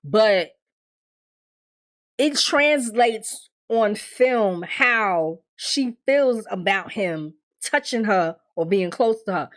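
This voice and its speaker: A woman's voice: medium pitch, very slow. A young adult woman giving a casual, profane TV recap, bluntly acting out the characters' lines as she tells the story. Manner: blunt, profane, animated storytelling with quoted dialogue. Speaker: TV recap host.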